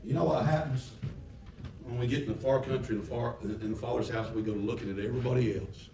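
Male preacher, high voice, colloquial and shouting, heard from afar in a roomy church with faint noise. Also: fairly even intonation, fast talker. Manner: swings from quiet reading to shouted preaching; folksy, colloquial phrasing. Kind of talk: sermon. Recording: echoey hall from far off.

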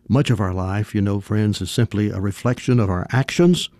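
A man's voice: fairly low pitch, normal speed, hardly any pauses, darkish tone, dry recording, studio quality. A man giving a folksy radio commentary, telling a parable and acting out its voices. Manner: folksy storyteller, acts out quotes.

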